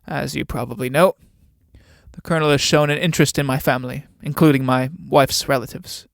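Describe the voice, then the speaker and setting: A domineering old military captain in a read-aloud play, measured and condescending in every command. A man acts him out in a dry, close recording with a mid-range voice. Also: medium pitch, steady tone, gravelly, no room sound, lightly acted.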